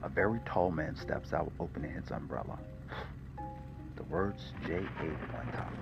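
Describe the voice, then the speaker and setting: Low-voiced male storyteller, animated delivery, dull recording with faint music behind. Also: moderate pace, vocal fry. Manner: casual, loose narration with slips. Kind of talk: amateur crime story narration.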